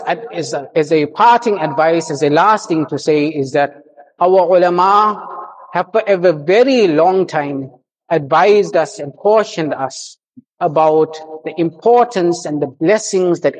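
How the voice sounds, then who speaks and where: High-voiced man preaching a sermon. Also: darkish tone, highs cut off. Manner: storytelling with humor, exhortative. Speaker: mufti giving a marriage sermon.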